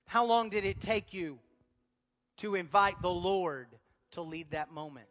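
A man preaching a sermon as pastor of a church, moving from quiet talk to shouted passages. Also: high voice, a little slow, big-room sound.

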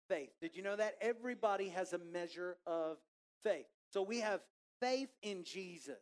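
A man preaching a sermon to a church congregation in a relaxed, conversational way, joking with the people in the room. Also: high voice. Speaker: pastor. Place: church auditorium.

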